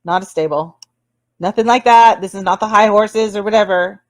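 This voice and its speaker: A woman's voice: medium pitch, moderate pace, no echo. A woman hosting a casual livestream chat, rambling and laughing often between apologetic asides. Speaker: livestream host.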